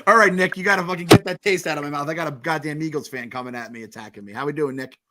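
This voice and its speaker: A man hosting a late-night postgame call-in podcast, excitable and profane, laughing often and running on fumes. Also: fairly high pitch, racing, very noisy. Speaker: podcast host. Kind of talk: casual postgame call-in chat.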